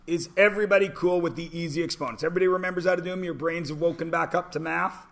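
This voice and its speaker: A man's voice: fairly high pitch, steady tone, racing, creaky, fairly bright tone. A man in his forties teaching a math class, chatty and joking, asking the class questions in between. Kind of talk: classroom lecture with anecdotes.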